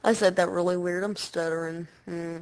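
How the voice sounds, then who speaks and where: A woman's voice: on the low side, fairly even intonation, normal speed, slight background noise, poor audio. A woman guest on a casual podcast, telling school stories in a playful, slangy way.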